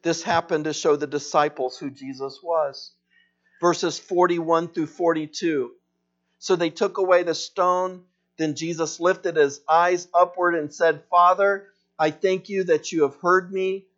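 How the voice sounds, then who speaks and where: A man preaching a sermon in a slow, emphatic way that swells louder in passionate stretches. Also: fairly high pitch, fairly even intonation, highs cut off. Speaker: pastor.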